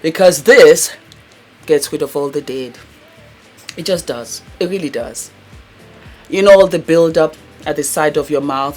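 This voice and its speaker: A woman's voice: low voice, darkish tone. A woman hosting a beauty vlog in a casual, effusive, chatty way, often calling her viewers darling and breaking into laughter. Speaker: beauty vlogger and host.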